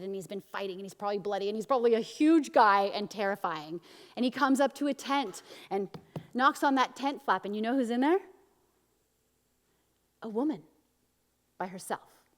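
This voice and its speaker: A woman pastor preaching a sermon and telling a story, acting out the quotes with big swings from loud to soft. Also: medium pitch, big-room sound. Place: church.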